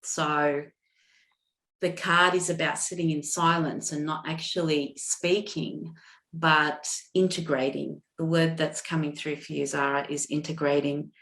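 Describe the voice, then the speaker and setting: A woman doing a live intuitive card reading, with a soft, halting way of talking, full of fillers and restarts, and moved to emotion. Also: low voice, little pitch movement, reverberant. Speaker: intuitive reader.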